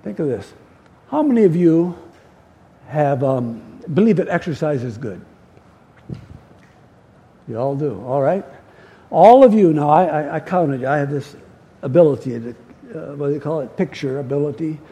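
High, lively preacher man, breathy voice. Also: normal speed, pauses often. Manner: emphatic, repeats key words, asks the congregation questions. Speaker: pastor. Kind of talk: sermon.

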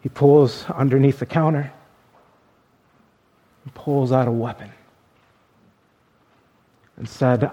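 A male pastor telling a story in a sermon, earnest, swinging between emphatic and hushed. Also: mid-range voice, steady tone, slow pace, long pauses.

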